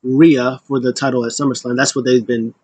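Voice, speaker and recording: A young man casually recapping a wrestling show, rambling with lots of fillers and sudden excited bursts. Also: mid-range voice, a little fast.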